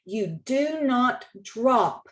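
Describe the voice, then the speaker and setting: A woman walks an audience through spelling rules slide by slide, leaning on the key words. Her voice sits a little high and she takes her time, often repeating a point so it sinks in. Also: sing-song. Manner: slow, deliberate, stresses key words and rules; repeats points for emphasis, occasional restarts. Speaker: state spelling contest director. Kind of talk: slide-based instructional presentation.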